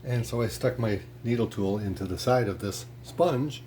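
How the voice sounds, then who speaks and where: A man teaching a ceramics how-to in a pottery studio, relaxed and chatty with many fillers. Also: lowish voice, measured pace, background noise. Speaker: ceramics instructor. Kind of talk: casual how-to demonstration.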